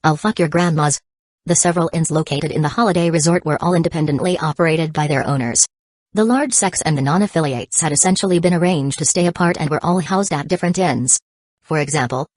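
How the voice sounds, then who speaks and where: A woman narrating an audiobook in a steady, even storytelling manner. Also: low-pitched, no echo. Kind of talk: scripted narration.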